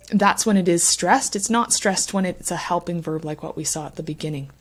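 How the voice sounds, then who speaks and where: A woman teaching an English pronunciation lesson, speaking clearly and deliberately, with strong emphasis on the words she models. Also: lowish voice.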